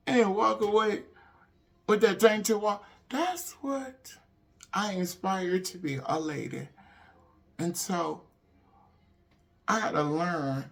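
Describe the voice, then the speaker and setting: A woman, hosting a casual motivational talk for her viewers, animated and emphatic, swinging between loud bursts and hushed asides. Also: deep voice. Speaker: online show host.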